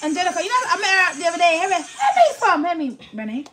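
A woman, hosting a livestream and telling stories in a casual chat, laughing often and quoting friends in animated bursts. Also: very high voice, racing, faint music behind. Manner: laughs often, animated retelling with quoted voices. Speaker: livestream host.

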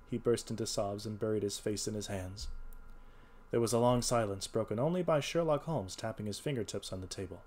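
A man reading a detective story aloud as its narrator, in a quiet, even narrating tone. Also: lowish voice, brisk. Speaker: reader.

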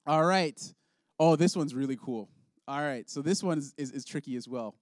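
A man's voice: a little high, normal speed, dry recording, studio quality. Upbeat man leading a kids' lesson. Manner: upbeat, playful, laughs often. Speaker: children's ministry leader. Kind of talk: object lesson for kids.

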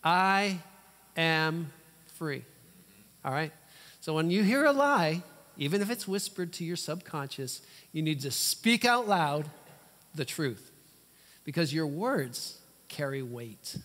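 A man preaching a sermon as a guest preacher, animated and fond of rhetorical questions and playful asides. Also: a little high, a little slow. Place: church sanctuary. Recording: long church hall reverb.

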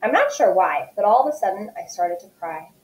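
Woman teacher, calm steady read-aloud, mid-pitched voice, echoey room. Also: brisk. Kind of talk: read-aloud book narration.

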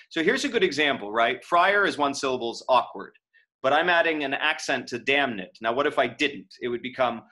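Guy teaching shakespeare verse, bright clear voice, stops to think out loud. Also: on the high side, expressive. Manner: thinks aloud, reads verse lines slowly with stress. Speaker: lecturer. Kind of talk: online lecture on verse scansion.

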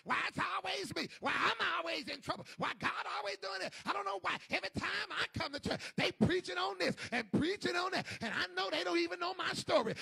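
A preacher putting on a whiny churchgoer. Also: male voice, extremely high pitch, creaky, voice pushed up, full character voice. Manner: whining, shouted complaints. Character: self-pitying churchgoer, complaining and whiny.

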